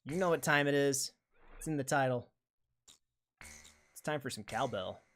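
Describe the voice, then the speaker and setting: A man streaming a flight game live, joking, greeting viewers and reacting excitedly as he plays. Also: mid-range voice, moderate pace. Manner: joking, excitable, talks to chat. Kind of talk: casual live game commentary. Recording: game music playing behind.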